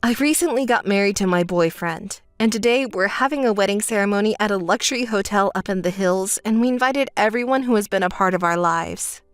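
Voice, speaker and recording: A woman's voice: mid-range voice, brisk, few pauses, clean tone, no room sound, studio quality, pitched below the performer's own voice, close to an everyday voice. A woman doing a cool, weary older sister. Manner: flat, cool and dismissive. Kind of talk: texting-story voice acting.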